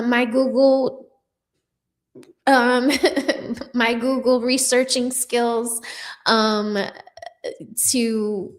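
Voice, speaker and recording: A young adult woman hosting a casual livestream, chatting with viewers in a sassy, profane way with lots of fillers. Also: a little high. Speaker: livestream news commentator.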